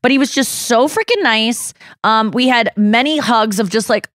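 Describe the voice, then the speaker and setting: Woman, podcast host, animated storyteller who curses a lot, expressive pitch, close dry studio sound. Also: moderate pace, hardly any pauses, no echo. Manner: animated storyteller, swears freely, acts out quotes. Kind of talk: casual chat.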